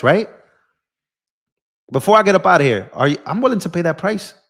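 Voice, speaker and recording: A young man hosting a political live stream, ranting in a heated, impassioned way and talking straight to his viewers. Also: mid-range voice. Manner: impassioned, ranting, addresses viewers as bro and y'all.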